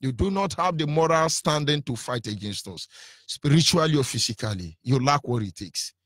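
A man's voice: on the high side, animated, moderate pace, fairly bright tone, dry recording, clean studio sound. A man with a Nigerian accent giving an impassioned, preacherly radio talk, fiery and defiant. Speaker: radio broadcaster.

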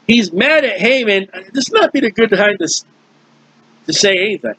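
A man's voice: high voice, big pitch swings, normal speed, bright, forceful tone, slightly rough, no echo. A man teaching through a Bible passage in a conversational way, explaining with everyday comparisons and often restarting his sentences. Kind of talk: informal verse-by-verse Bible teaching.

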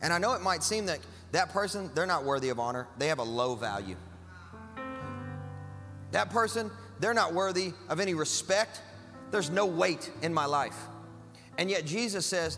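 A pastor with a higher, somewhat bright voice preaches a sermon at normal speed, expressive, emphatic, and conversational, with casual asides to the congregation. It's recorded in a church hall with long reverb and faint music.

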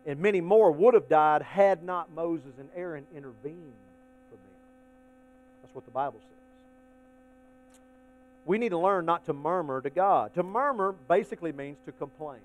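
Brief: high-pitched male pastor, folksy delivery, alternates quiet asides with loud emphatic preaching. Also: moderate pace, long pauses, low-quality recording. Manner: folksy, addresses the congregation as y'all. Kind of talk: sermon.

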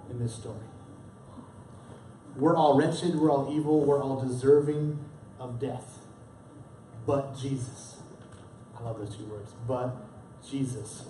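An unhurried pastor with a warm, medium-pitched voice preaches with long pauses, recorded in a roomy church hall from a distance with a little hiss or hum. Young adult or middle-aged, he keeps the sermon conversational, restarting often and acting out the story's lines dramatically.

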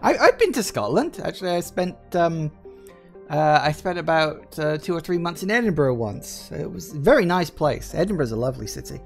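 A man's voice: fairly high pitch, very animated, normal speed, faint music behind. A man with an English Midlands accent giving chatty, joking live commentary while streaming a game and answering his chat. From England.

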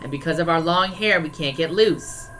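A drag queen streamer voicing a flock of gloomy birds in a video game, speaking low and hushed in an aloof drone. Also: moderate pace, a little hiss or hum, natural voice, low-quality recording. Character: flock of gloomy birds stuck by their hair.

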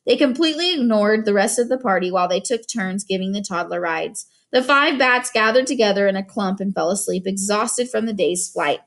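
A woman narrating an audiobook in an expressive storytelling manner, doing voices for each character. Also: medium pitch, fairly quick, few pauses.

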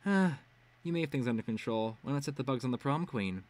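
A man's voice: mid-range voice, animated, a little fast, darkish tone, voice pushed up, lightly acted. A man voicing a smug, mocking teenage girl villain in a read-aloud web serial. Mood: teasing. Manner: teasing, mocking.

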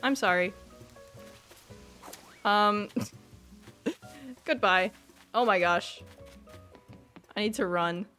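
A woman streamer chatting excitedly with her viewers during a live game stream, laughing often. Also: medium pitch, extremely slow, pauses often, faint music behind.

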